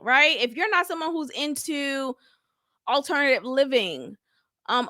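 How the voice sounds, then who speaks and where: High, bright, joking woman reviewer. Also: no echo, clean studio sound. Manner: animated and joking, laughs and swears freely. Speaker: host of a reality TV review channel. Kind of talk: casual commentary.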